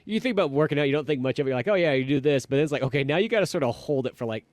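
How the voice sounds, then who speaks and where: Male podcast co-host, quick and rambling, swears casually, dry close mic. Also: medium pitch, no room sound. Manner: animated, swears casually, rambling with many fillers. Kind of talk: casual chat.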